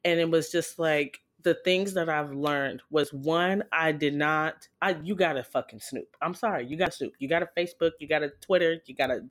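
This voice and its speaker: A woman casually telling a personal story in a frank, profane and animated way, jumping in pitch as she retells moments. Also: normal speed, hardly any pauses.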